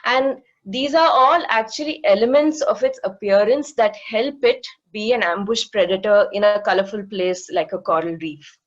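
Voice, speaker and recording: A woman's voice: mid-range voice, normal speed, hardly any pauses, lo-fi sound. A woman in her thirties, a marine educator giving an online talk with slides, explaining things patiently with many fillers. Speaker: guest speaker, marine educator.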